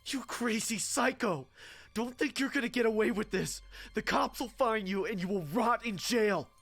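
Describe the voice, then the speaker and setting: A man's voice: sits high, moderate pace, gravelly, a bit bright, soft background music, pitched above the performer's own voice, heavily acted. A man voicing a terrified young woman held captive, screaming and pleading.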